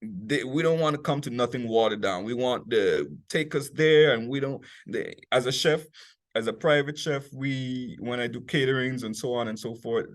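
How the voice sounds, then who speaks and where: A man with a US Virgin Islands accent giving a customer service workshop talk, chatty and lively, often checking in with "okay?" and "right?". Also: medium pitch, normal speed, no echo. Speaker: workshop speaker, private chef.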